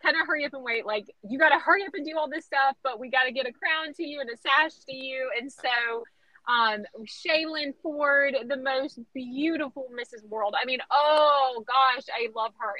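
Woman, animated storyteller, bright tone, dry close recording. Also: high-pitched, normal speed, dry recording, poor audio. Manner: animated storyteller, acts out quoted voices. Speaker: interview guest, pageant titleholder. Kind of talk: storytelling in a podcast interview.

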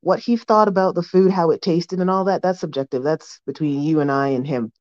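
A woman's voice: low-pitched, steady tone, brisk, a little mellow. Woman caller, earnest, explanatory, muffled phone audio. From Toronto. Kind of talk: phoned-in opinion. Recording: dull lo-fi phone line.

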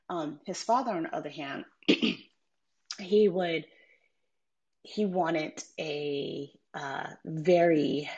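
A mother telling a personal story about raising her son, in a reflective, conversational way with frequent ums. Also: low-pitched. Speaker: mother sharing parenting story.

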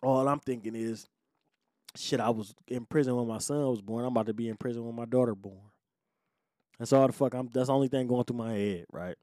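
A man with a mid-range voice tells a story from his own life in loose, profane street slang. He drops to a low mutter and then jumps into loud bursts. The sound is dry and close. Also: brisk, dry recording. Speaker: podcast host telling his life story. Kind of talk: casual storytelling.

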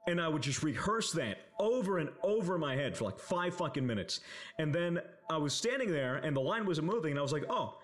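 A man's voice: on the high side, big pitch swings, fairly quick, a bit bright. A young man telling a casual story on a podcast, rambling with lots of fillers, swearing and laughing as he goes. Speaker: podcast co-host.

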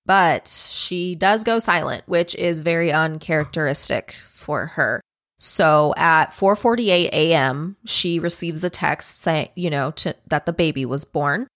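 A woman's voice: sits low, a bit bright, dry recording, clean studio sound. A young woman co-hosting a podcast, telling a true crime case in casual chat, swearing often and acting out what people said. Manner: casual, swears a lot, acts out quotes.

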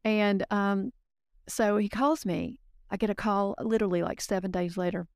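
A woman guest on a podcast, telling client stories in a lively, casual way and acting out the voices of the people she quotes. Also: mid-range voice, normal speed, no echo, clean studio sound. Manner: animated storyteller, acts out quoted voices. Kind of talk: casual interview storytelling.

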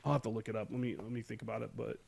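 A man's voice: lowish voice, level tone, very fast, gravelly, a little mellow, slightly rough. A man from the United States telling a war story as a podcast guest, rambling, swearing and backtracking as he recalls. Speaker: podcast guest, Marine veteran. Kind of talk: casual war storytelling interview.

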